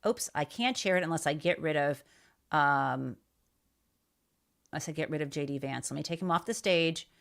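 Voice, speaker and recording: Woman host, lowish voice, blunt and fiery, casual live podcast talk. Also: moderate pace, vocal fry, long pauses. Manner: outraged, blunt, swears freely. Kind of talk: casual political livestream commentary.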